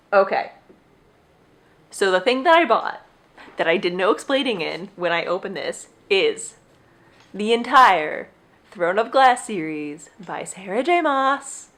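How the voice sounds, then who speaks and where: An unhurried young woman hosts her own podcast in a loose, casual chat. She rambles off on tangents and gushes freely over things she loves, keeping a friendly, talkative flow. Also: fairly low pitch, a bit bright. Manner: chatty, rambling, gushing. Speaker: podcast host.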